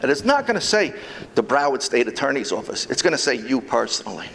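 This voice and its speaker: A man's voice: mid-range voice, quick pace, gravelly, a little hiss or hum. A man, a former police officer turned private investigator, giving a convention talk and telling stories of his cases with lots of quoted dialogue. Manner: animated storytelling, quotes others in dialogue. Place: convention hall.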